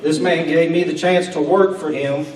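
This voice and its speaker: A man, a police chief reading a halting, emotional award speech and clearing his throat. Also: fairly high pitch, fairly even intonation, darkish tone. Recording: echoey hall from far off with faint room noise.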